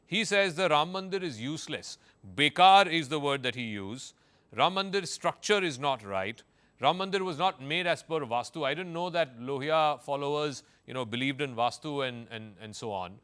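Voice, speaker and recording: A man's voice: on the high side, lively intonation, fairly bright tone, clean tone. A man with an Indian accent anchoring a televised political debate, pressing his guests with pointed questions. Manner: pointed, rapid-fire questioning. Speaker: news anchor.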